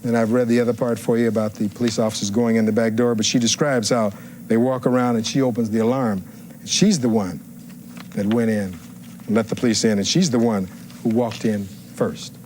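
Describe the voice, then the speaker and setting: A man's voice: mid-range voice, steady tone, brisk, darkish tone, a little hiss or hum. A man giving a courtroom closing argument as defense attorney, reading testimony aloud and firing rhetorical questions at the jury.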